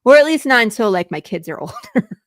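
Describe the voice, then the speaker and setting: A woman's voice: fairly high pitch, a little fast, no room sound, studio quality. A woman hosting a casual video-call talk show, telling stories with lots of laughter. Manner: laughing, animated storytelling. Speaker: podcast host. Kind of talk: casual chat.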